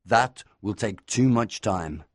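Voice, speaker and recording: A man voicing a cautious, serious older male professor who speaks in a measured, urging way. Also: fairly low pitch, expressive, no room sound, studio quality.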